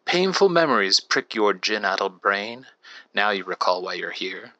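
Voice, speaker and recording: A man's voice: on the low side, very animated, normal speed, highs cut off. A man hosting a game podcast, reading game text aloud and chatting casually with lots of fillers. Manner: chatty, rambling, with frequent fillers. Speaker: podcast host. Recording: loud music behind voice. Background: loud music.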